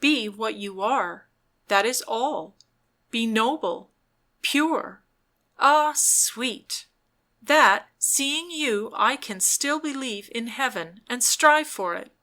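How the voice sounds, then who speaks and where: A woman's voice: on the high side, lively intonation, slow pace, bright, forceful tone, heavily acted. A woman voicing a tormented, repentant young man in a storybook, speaking in a fervent, imploring way.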